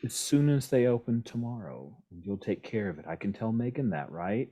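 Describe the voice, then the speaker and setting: A man voicing a calm, indirect woman cat burglar who needles her underling. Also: fairly low pitch, moderate pace, pitched above the performer's own voice. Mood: sly, needling.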